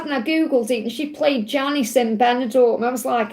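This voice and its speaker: Fast-talking chatty English woman. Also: on the high side, fairly even intonation, darkish tone, slight background noise. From England. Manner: fast, chatty, rambling with many fillers. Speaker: livestream host. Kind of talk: casual live chat.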